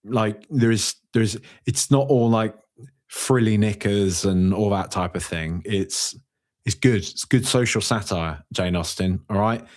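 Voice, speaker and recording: A man hosting a fan podcast, reading out viewer comments in a jokey, rambling way with sudden high-pitched outbursts. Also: unhurried. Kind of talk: casual live-stream chat.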